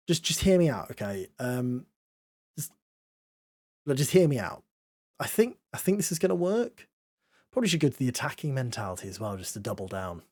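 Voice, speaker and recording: A man's voice: medium pitch, darkish tone, no echo. A man giving playful, self-mocking commentary on a football management game, switching between mock-commentator play-by-play and wry asides. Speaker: gaming YouTuber.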